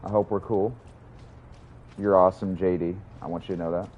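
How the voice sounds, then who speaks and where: A man's voice: low-pitched, fairly even intonation, fairly quick, lo-fi sound, slight background noise. A young man chatting casually while livestreaming a game, rambling, swearing and answering his chat. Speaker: streamer.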